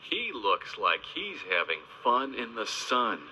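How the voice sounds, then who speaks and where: Male narrator for a kids' animal video: gentle, bright-toned, slow and very lively in pitch, teacherly emphasis, on a lo-fi old soundtrack. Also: a little hiss or hum. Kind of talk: slow, sing-song narration for young kids.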